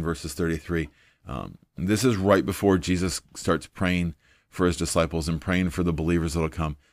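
A man's voice: sits low, dry recording, clean studio sound. A man preaching an informal sermon in an earnest, conversational way, with frequent fillers.

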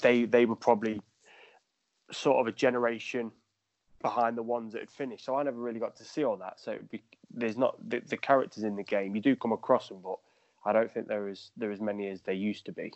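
A man's voice: fairly low pitch, steady tone, fairly quick, darkish tone, dry recording. A man, a footballer guest on a podcast, rambling through anecdotes and laughing as he tells them. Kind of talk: casual storytelling. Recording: dull lo-fi dry sound.

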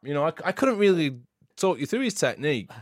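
A man co-hosting a podcast, telling animated stories with frequent laughter in casual chat. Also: on the high side, fast talker, dry recording, studio quality. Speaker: podcast co-host.

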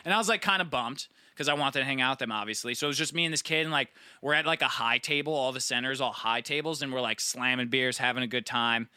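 A man's voice: mid-range voice, fast, few pauses, clean tone, no room sound, studio quality. A young man telling a long, profane party story in casual chat, acting out his friends' lines. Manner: rambling, profane, animated storytelling; acts out friends' voices.

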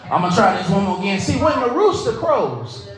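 A man preaching a call-and-response sermon as pastor, building to shouted, whooping delivery. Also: sits high, sing-song, a little fast, crowd noise. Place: church sanctuary. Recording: echoey church with organ music.

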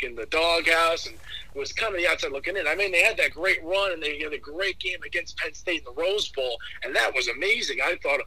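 Bright, forceful male sports caller. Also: on the high side, breathy edge, no room sound, low-quality recording. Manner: animated, opinionated, many restarts. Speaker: caller, guest fan. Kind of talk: casual sports talk.

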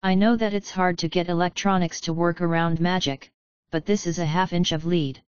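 A woman's voice: on the low side, fairly even intonation, normal speed, clear, resonant tone, dry recording, muffled recording, natural voice. A woman voicing an earnest young wizard who eagerly explains his plans.

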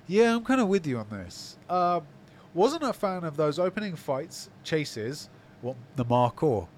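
A man co-hosting a casual podcast, reading listener comments aloud and reacting with quick, animated quips. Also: fairly high pitch, a little hiss or hum. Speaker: podcast co-host.

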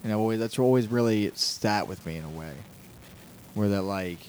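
Low-voiced man rambling casually. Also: moderate pace, darkish tone, slight background noise, rough recording. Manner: laid-back, rambling, joking. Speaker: podcast co-host. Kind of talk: casual podcast chat. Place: dining room at home.

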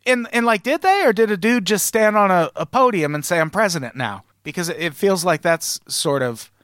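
A slightly higher-voiced man co-hosts a comedy news podcast, reading headlines and then tearing into them with sarcastic asides. His voice is recorded dry and close, with no room sound. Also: animated, fairly quick, fairly bright tone, no room sound. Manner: sarcastic, reads news items then riffs. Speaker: podcast co-host.

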